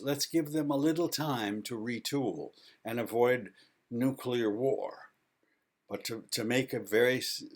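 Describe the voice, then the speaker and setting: A man presenting his book in a spoken video lecture, reading out a list with emphatic, wry asides. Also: medium pitch.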